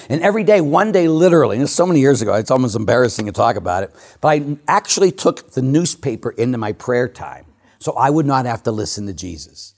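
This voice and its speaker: Older male priest preaching to a congregation, animated and joking, drops to a near hush for emphasis, mid-range voice. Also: mid-range voice, fast. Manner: animated, joking, swings from loud to hushed. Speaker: Catholic priest. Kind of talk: storytelling talk to a church audience.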